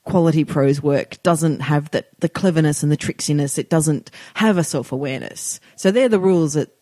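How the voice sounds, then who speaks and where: A woman's voice: deep voice, normal speed, mellow, no room sound, clean studio sound. A woman co-hosting a podcast, chatting casually about books and laughing often. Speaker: podcast co-host. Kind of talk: casual book review chat.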